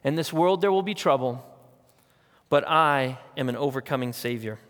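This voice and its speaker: A man's voice: medium pitch, normal speed, a bit bright. A man preaching a sermon as pastor, talking earnestly and conversationally and pressing his points through repetition. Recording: long hall reverb.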